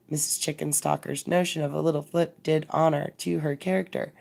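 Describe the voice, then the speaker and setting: A woman narrating a classic story aloud as a bedtime reading, measured and expressive. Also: sits low, gravelly.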